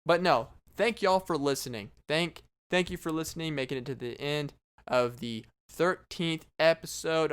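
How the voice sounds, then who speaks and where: A man's voice: on the high side, a bit bright, clean tone. A man hosting his own casual podcast, talking alone in a sarcastic, rambling and mocking way. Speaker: podcast host. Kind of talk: casual solo podcast monologue.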